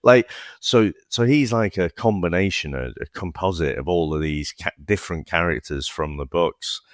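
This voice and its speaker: A man's voice: low-pitched, normal speed, no echo, clean studio sound. A man, casually reviewing a film as podcast co-host, swearing and laughing as he talks. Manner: swears freely, laughs often, restarts words.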